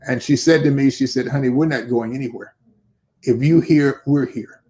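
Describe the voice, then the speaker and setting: A man's voice: mid-range voice, normal speed. An older man, a bishop and pastor, telling a story in an interview and acting out the dialogue of the people in it. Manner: animated storyteller who acts out quoted dialogue.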